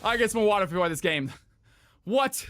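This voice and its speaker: A man hosts a live game stream, talking fast and shouting with excitement at his chat. His voice sits high and sounds bright and sharp. The sound is dry and close, with little room sound. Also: no room sound. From California. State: out of breath. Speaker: streamer hosting viewer games. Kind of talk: live-stream hype commentary.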